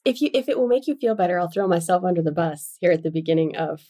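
A woman with a soft, breathy voice co-hosts a relaxed book podcast. She talks chattily, pokes fun at herself and laughs often. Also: fairly low pitch, fast talker. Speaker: podcast co-host. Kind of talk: casual book-club podcast chat.

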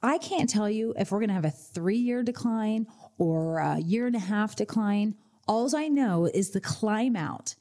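A woman financial advisor hosting a radio finance show, telling lively client stories and acting out their reactions. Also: mid-range voice, a little slow. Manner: energetic storyteller, acts out client voices.

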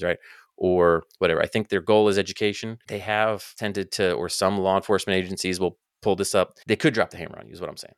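Fast-talking man explaining drone rules. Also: low voice, a bit bright, clean tone, no echo, studio quality. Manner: fast, filler-heavy talk with frequent "like". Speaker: drone training founder and guest expert. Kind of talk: casual podcast explanation.

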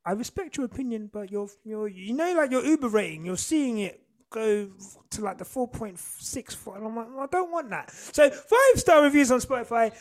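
A young man co-hosting a casual podcast, slangy and given to loud bursts. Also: very high voice, lively intonation, normal speed. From Britain. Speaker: podcast co-host.

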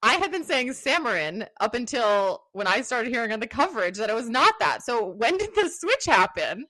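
A woman's voice: fairly high pitch, very animated, normal speed, pushed and bright, dry recording, low-quality recording. A woman hosting a podcast, asking questions in an upbeat, playful way. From United States. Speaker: podcast host. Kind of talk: casual interview chat.

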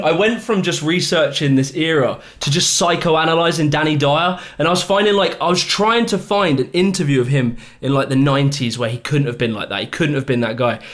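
Laid-back British man, higher voice. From Britain. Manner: laid-back, rambling, laughs often. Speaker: podcast guest. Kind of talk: casual chat.

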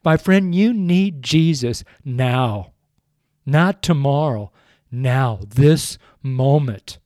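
On a podcast, a sixty-something street preacher speaks slowly through tears, pleading earnestly and making the same appeals over and over into his microphone. His medium-pitched voice is a little mellow, clean and studio-recorded without echo.

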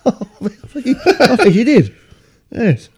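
A man's voice: extremely high pitch, big pitch swings, slow, dark tone, breathy edge. A man co-hosting a casual podcast commentary, dropping trivia and dry, chuckling asides. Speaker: podcast co-host.

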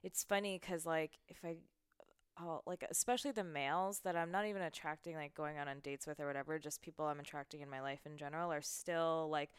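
A woman's voice: low-pitched, fairly even intonation, brisk, smooth, no echo, studio quality. A woman guest talking candidly in a casual home conversation. She is chatty and frank, often filling with "like" and swearing now and then. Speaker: interview guest.

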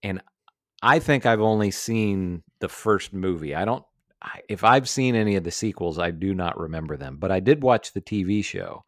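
Male podcast co-host, forties, low and dry, loose rambling talk. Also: moderate pace, a bit bright, no echo. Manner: rambling, many fillers and restarts. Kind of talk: casual movie discussion.

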